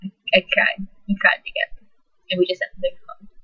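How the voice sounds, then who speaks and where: A teenage girl telling a personal story in a soft, halting, emotional way. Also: fairly low pitch, monotone, breathy edge. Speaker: vlogger. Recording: dull lo-fi recording.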